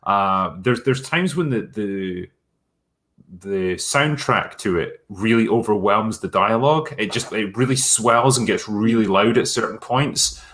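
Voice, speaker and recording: Laid-back man, low voice. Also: unhurried, a bit bright. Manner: casual, lots of fillers. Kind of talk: casual film discussion.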